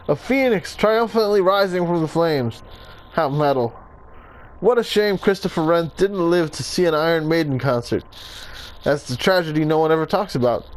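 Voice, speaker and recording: A man playing a video game, reading its entries aloud and adding dry jokes and quick self-corrections. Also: on the high side, poor audio. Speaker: gameplay video host. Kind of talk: reading game text aloud with jokey asides.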